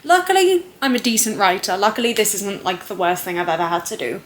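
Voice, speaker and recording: A woman's voice: medium pitch, quick pace, fairly bright tone, roomy sound. A woman chatting casually to camera at home, thinking aloud in a self-deprecating way. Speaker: vlogger.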